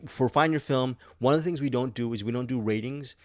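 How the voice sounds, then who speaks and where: A man's voice: mid-range voice, brisk, no echo. A man hosting a casual podcast chat, teasing his co-hosts with playful mock outrage. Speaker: podcast host.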